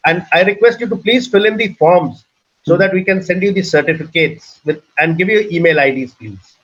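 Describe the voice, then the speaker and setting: A man's voice: high voice, brisk. A man hosting an online webinar, assertive and persuasive as he wraps up the session. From India. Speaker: webinar host and organizer. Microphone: video call. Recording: muffled lo-fi call audio.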